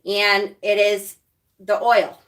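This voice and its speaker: Speaking slowly at medium pitch with little pitch movement and a fairly bright tone, this witchcraft channel host has a Rochester, New York accent. On her casual livestream she rambles, chats, laughs a lot and responds to viewers' comments.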